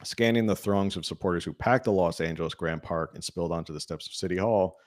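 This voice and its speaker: Low-voiced male political talk show host. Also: steady tone, quick pace, dry recording, studio quality. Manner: conversational, reads articles with asides and filler hums. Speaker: podcast host. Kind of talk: casual political talk show, reading news aloud.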